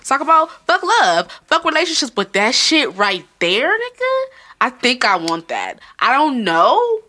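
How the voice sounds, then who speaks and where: A woman's voice: sits high, wildly swooping pitch, a little slow, bright, forceful tone. A woman hosting a casual podcast, talking loosely, swearing and laughing often. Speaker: podcast host.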